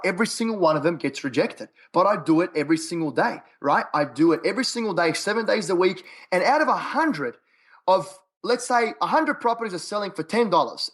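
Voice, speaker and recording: Aussie guy w a high voice, repeats stuff for emphasis, chatty guest. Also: a bit bright, slightly rough. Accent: Australian. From Australia. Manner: punchy, quote-heavy, repeats himself for emphasis. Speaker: podcast guest. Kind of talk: casual interview chat.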